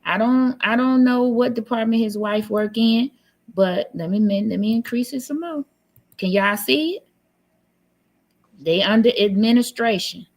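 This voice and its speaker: A woman's voice: fairly high pitch, unhurried. A woman hosting a live stream, talking in a blunt, teasing, sassy way in casual commentary. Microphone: computer mic on a live stream.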